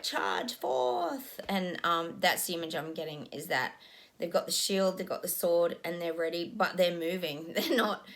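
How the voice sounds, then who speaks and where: A woman talks through a psychic reading in a loose, unscripted way. Her voice sits fairly low, and she muses aloud with many ums as she describes images she says she is receiving. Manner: musing, frequent ums, describes visions as they come. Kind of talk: casual spoken psychic reading.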